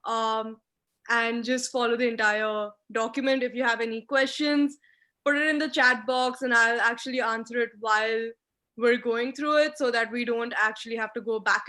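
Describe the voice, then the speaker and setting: A woman's voice: on the high side, bright, forceful tone. A young woman giving an online lecture on moot court skills over a video call, speaking in an emphatic, instructive way. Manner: emphatic, instructive, talks with hand gestures. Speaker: guest speaker teaching mooting.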